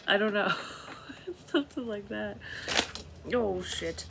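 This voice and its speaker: A woman's voice: mid-range voice, animated, slow pace, gravelly, heavy background noise. A middle-aged woman giving a casual, rambling tarot reading, swearing freely and laughing at herself. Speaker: tarot reader.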